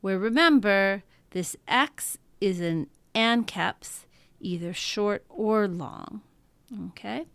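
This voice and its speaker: A woman teaching a lesson in a patient, explanatory way, often pausing to check in with her listeners. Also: medium pitch, a bit bright, clear, resonant tone, no room sound. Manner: patient, explanatory, frequent "um" and "okay?" check-ins. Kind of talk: classroom lecture.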